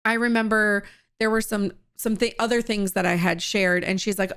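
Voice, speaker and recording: A woman's voice: fairly high pitch, steady tone, a little slow, fairly bright tone, clean tone. A woman in her thirties, a coaching host, telling personal stories in a candid, conversational way with some laughs. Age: 30s.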